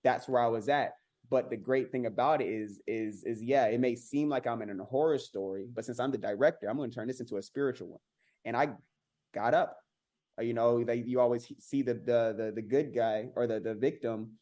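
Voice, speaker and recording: Earnest man, dark mellow voice. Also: medium pitch, fairly quick. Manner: earnest, many restarts and repeated words; rises sharply when mimicking others. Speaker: podcast guest. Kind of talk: candid personal storytelling.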